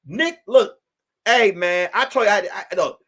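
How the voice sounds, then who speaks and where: A man hosting as a comedian, ranting in a casual, profane, animated way and circling back to repeat his points. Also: high voice, unhurried. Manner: animated, profane, repetitive storytelling. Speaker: comedian host. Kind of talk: casual live-stream rant.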